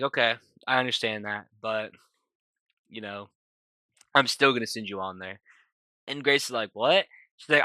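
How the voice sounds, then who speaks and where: A man with a very bright, forward voice recaps a movie in loose, rambling casual talk, full of fillers and restarts. The sound is dry and close, with almost no room around it. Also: mid-range voice, no room sound. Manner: rambling, filler-heavy retelling with frequent restarts. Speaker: movie reviewer.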